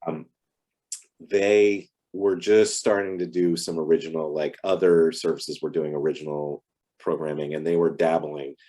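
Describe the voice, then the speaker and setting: Low, husky man telling anecdotes. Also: normal speed. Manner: chatty, animated anecdotes with voiced quotes. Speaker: actor guest. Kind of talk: casual interview storytelling.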